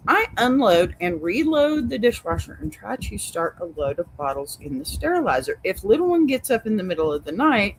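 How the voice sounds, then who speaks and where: Reading out a submitted story and reacting to it, a Texan advice-show host gives a sassy, no-nonsense judgment while at home with her dog. Her pitch is fairly low, and the rough recording carries slight hiss or hum.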